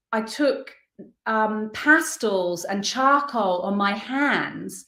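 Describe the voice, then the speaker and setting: Earnest woman in an echoey room. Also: on the high side. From United Kingdom. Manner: earnest, reflective, halting as she searches for words. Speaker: guest artist. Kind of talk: personal storytelling interview.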